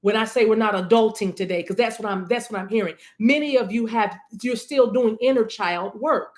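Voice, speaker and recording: A woman gives a spiritual love reading in a slightly high voice. She preaches fervently and hammers her points home through repetition. Every so often she slips into speaking in tongues. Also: fairly quick. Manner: fervent, preachy, repeats phrases for emphasis. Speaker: spiritual reader. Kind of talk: intuitive love reading monologue.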